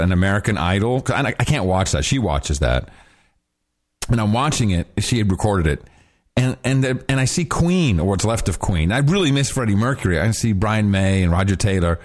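A man co-hosting a podcast, bantering in a jokey, animated way and slipping into mock voices. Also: lowish voice. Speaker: podcast co-host. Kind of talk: casual banter.

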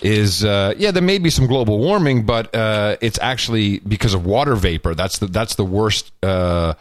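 A man's voice: lowish voice, lively intonation, normal speed, no echo, studio quality. A man co-hosting a casual political podcast, wisecracking and rambling with plenty of fillers. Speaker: podcast co-host.

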